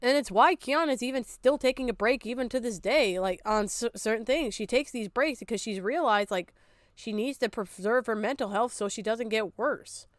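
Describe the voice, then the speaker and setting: A woman's voice: on the high side, moderate pace, dry recording. A woman streamer, not from America, giving blunt, profane and exasperated reaction commentary. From outside America.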